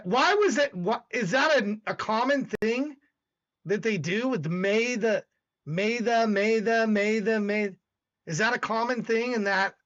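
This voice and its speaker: High-voiced rambling Southern livestream host. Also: male voice, animated, unhurried, a bit bright, lo-fi sound. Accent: Southern American. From American South. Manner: rambling, talks back to chat, argumentative. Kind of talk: casual livestream chat.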